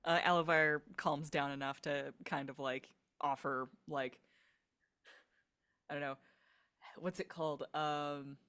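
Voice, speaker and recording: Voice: mid-range voice, fairly even intonation, takes it slowly, long pauses, pushed and bright, smooth. A tabletop game player who describes their character in a rambling way, peppered with "like".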